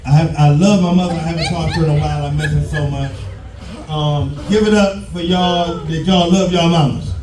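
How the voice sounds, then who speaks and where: A man in his fifties from Detroit, performing a loud, profane stand-up routine on a live stage, often shouting. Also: a little high, fairly even intonation, fairly quick, reverberant, far from the mic, a crowd in the background, rough recording. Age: 50s. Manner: loud, profane storytelling, breaks into shouts and laughter. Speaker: stand-up comedian. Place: live show stage with audience.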